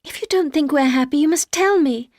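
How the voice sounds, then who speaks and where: A woman's voice: sits high, moderate pace, no echo, clean studio sound, natural voice. A woman voicing a shy, anxious young bride who speaks in an earnest, pleading way. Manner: earnest, pleading, raised and bright.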